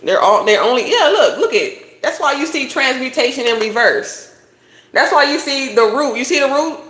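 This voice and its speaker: A woman's voice: sits high, animated, normal speed, a bit bright, echoey room. A woman doing a casual tarot reading, talking bluntly with lots of swearing and preachy advice. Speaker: tarot reader.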